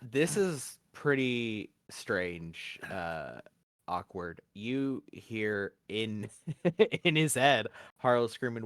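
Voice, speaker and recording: A man acting as game master, narrating a tabletop game in a chatty, halting way with frequent laughs. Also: lowish voice, animated, fairly bright tone, dry recording, clean studio sound.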